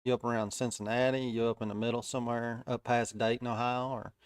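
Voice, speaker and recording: A man's voice: mid-range voice, little pitch movement, quick pace, clear, resonant tone, no echo, studio quality. A man with a Southern US accent casually commenting on live trades, easygoing and chatty with frequent "uh" fillers. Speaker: day-trading live-stream host.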